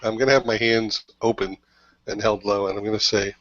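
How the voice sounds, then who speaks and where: A man playing a tabletop game, describing his character's actions in a relaxed way. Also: on the low side, no room sound, muffled recording. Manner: relaxed, unhurried. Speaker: player. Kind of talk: tabletop game play, casual.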